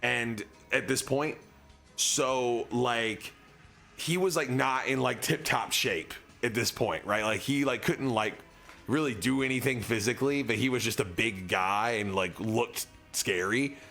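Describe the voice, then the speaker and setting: A man's voice: medium pitch, a little slow, creaky, sharp tone, soft background music. A young man streaming, telling a long casual story in a rambling way, full of filler words.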